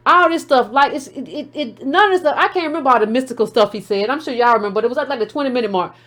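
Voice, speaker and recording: A woman host with a high-pitched voice and talks back to a caller. She is blunt and combative and repeats herself to keep the floor. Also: expressive, very fast, hardly any pauses, fairly bright tone. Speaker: show host taking calls. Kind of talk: heated call-in show commentary.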